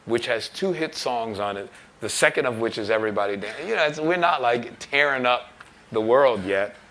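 A musician telling a story in an interview, animated and laughing as he acts out other people's lines. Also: mid-range voice. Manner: animated storyteller, laughing, acting out quoted voices. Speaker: musician and record producer. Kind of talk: telling an anecdote.

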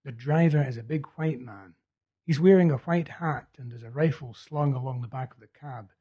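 Guy reading sweaty young prophet dude, husky, pushy and loud-ish. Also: medium pitch, normal speed, dull audio, lightly acted. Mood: urgent. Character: feverish young male prophet, intense and urgent.

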